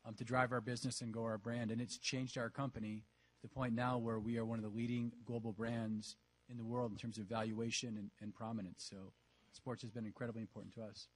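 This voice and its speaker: Flat, fast-talking male executive. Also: medium pitch, rough recording. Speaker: panelist, brand executive. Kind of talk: panel discussion.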